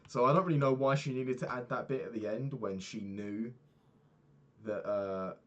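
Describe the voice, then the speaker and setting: A man's voice: mid-range voice, normal speed, lo-fi sound. A young man telling a personal story in a casual, candid way, swearing freely and acting out the people he quotes. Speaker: podcast host.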